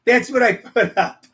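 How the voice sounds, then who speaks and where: A man's voice: high-pitched, a bit bright. A man hosting a live-streamed comedy talk show, playful and showy, rambling with lots of fillers. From Missouri, US. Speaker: host.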